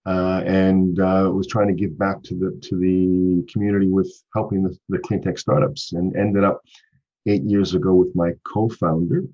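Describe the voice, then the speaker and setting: Speaking from his home office over a video call, a cheerful middle-aged podcast guest from Canada laughs often and talks with lots of fillers and restarts in a Canadian accent. His deep, warm voice is flat in delivery and moves at normal speed, heard through dull lo-fi call audio.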